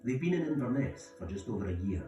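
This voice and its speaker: A man narrating a documentary in a measured, scripted way. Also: medium pitch, sing-song. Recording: roomy sound, distant from mic, music bed.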